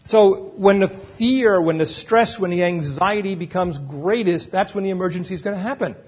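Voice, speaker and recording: A man's voice: high-pitched, moderate pace, breathy edge, lo-fi sound. A man giving a live lecture on dental emergencies to a roomful of dental staff, emphatic and often checking in with the audience.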